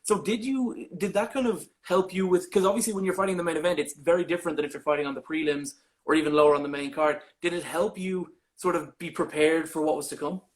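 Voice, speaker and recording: Man, interviewer, hesitant long questions, slightly higher voice. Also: fairly even intonation, quick pace, few pauses. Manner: hesitant, rambling questions with restarts. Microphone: live video stream.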